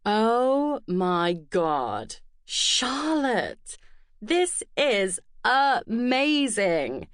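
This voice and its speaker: A woman voicing an excitable young woman with a mid-Atlantic accent in an audiobook. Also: dry recording, studio quality, exaggerated voice. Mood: gushing. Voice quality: high, drawn-out exclamations.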